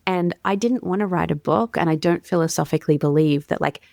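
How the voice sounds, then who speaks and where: A woman's voice: on the low side, brisk, gravelly, dry recording, studio quality. A woman with an Australian accent, a communications coach speaking as a guest in a conversational podcast interview, articulate and explanatory. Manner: articulate, warm, explanatory with everyday fillers.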